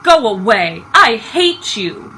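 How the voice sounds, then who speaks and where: A woman voicing a small boy who is easily upset, in a high, loud, childish voice. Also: sing-song, moderate pace, a little hiss or hum. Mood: furious.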